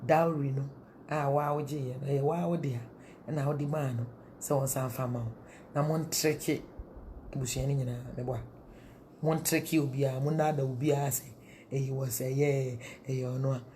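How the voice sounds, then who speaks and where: Animated Ghanaian woman preacher. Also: very deep voice, moderate pace, a little hiss or hum. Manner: animated, mixing Twi and English, rhetorical questions. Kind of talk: sermon-style marriage counsel.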